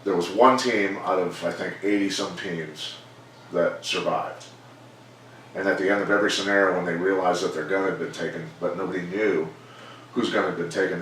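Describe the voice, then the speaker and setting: In an echoey gym with the mic well away from him, a middle-aged ex-fighter turned coach shares stories in a casual interview. His low voice stays measured and plain except when he animatedly quotes others, and a little hiss or hum runs underneath.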